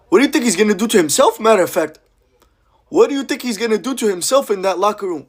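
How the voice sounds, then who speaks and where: Brief: high-pitched fan, sing-song taunting of a rival coach. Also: male voice, animated, rapid-fire, husky. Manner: teasing, sing-song chanting. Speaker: football fan reacting. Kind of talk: mocking fan reaction.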